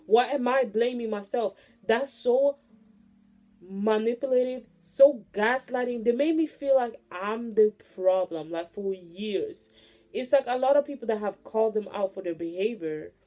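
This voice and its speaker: A young woman in her late teens venting bluntly to her vlog audience, profane and animated as she rants. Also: a little high. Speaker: vlogger. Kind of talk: casual venting monologue.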